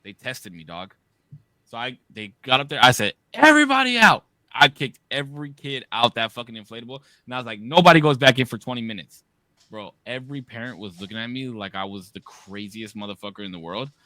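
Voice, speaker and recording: Male co-host in his thirties, animated profane storyteller, sharp bright tone. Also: mid-range voice, a little fast, no echo. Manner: animated, profane storytelling with loud quoted outbursts. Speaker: podcast co-host. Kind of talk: casual storytelling.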